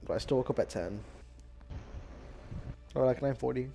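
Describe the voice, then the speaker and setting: A man's voice: mid-range voice, moderate pace, gravelly, dark tone, faint music behind. A young man chatting casually while gaming with a friend, swearing often and laughing as he mimics his buddies. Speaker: gaming channel host.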